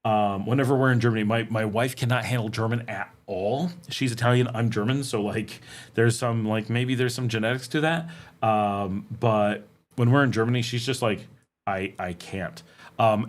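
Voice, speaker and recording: A man's voice: mid-range voice, fairly quick. A middle-aged man hosting a casual livestream Q&A, reading viewer questions aloud and answering them with frequent ums. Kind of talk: casual live Q&A chat.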